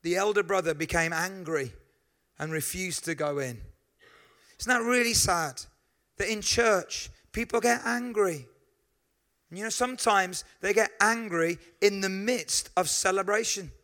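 A man preaches to his congregation, weaving in stories and quick asides. His voice sits high for a man and rings bright and forward. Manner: lively storytelling with asides to the congregation. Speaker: pastor. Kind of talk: sermon.

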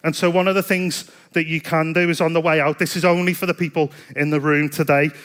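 A man's voice: fairly high pitch, level tone, brisk, fairly bright tone. A man preaching a sermon in a chatty, self-deprecating storytelling way. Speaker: pastor.

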